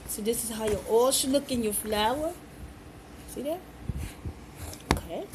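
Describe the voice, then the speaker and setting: A woman with a high voice talks her viewers through a recipe at an unhurried pace. She is playful and folksy, addressing the audience directly. Steady kitchen noise runs under her voice. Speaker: home cook. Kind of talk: cooking demonstration. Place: home kitchen.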